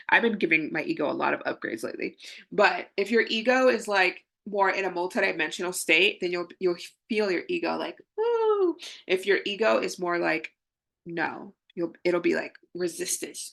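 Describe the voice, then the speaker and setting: A woman's voice: on the low side, vocal fry, a bit bright. A young adult woman, a spiritual coach, chatting casually and acting out inner voices with frequent laughs. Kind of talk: casual spiritual teaching talk.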